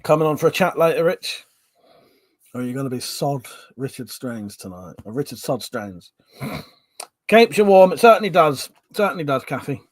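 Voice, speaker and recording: A chatty man running a relaxed livestream from home, laughing often and swearing freely as he answers his viewers. His voice sits a touch high for a man, and his talk rambles loosely. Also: normal speed, no room sound. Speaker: livestream host. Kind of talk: casual chat reading out viewer comments.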